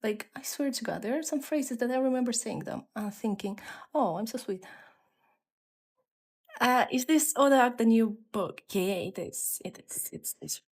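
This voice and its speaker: A woman with a mixed non-native English accent, chatting casually with viewers on a live stream and slipping into soft whispered asides. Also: fairly high pitch, moderate pace, hardly any pauses. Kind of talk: casual live-stream chat while coloring.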